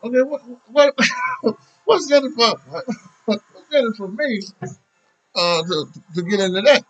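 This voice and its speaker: A high-voiced man joins a casual discussion, rambling and halting as he gathers his thoughts. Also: big pitch swings, highs cut off. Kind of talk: casual talk show discussion.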